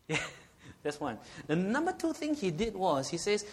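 A man's voice: high-pitched, lively intonation, normal speed, darkish tone. A man preaching a sermon, often asking rhetorical questions and checking in with "okay?".

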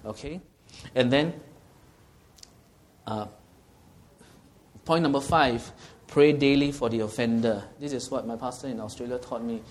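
A man's voice: mid-range voice, measured pace, long pauses. A man preaching a sermon, earnestly teaching and asking his listeners questions. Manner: earnest and teaching, asks the audience questions, often checks with "okay?".

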